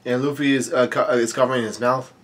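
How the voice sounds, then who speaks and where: A man casually reading a manga aloud and commenting on it, halting often with fillers and restarts. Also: medium pitch, steady tone.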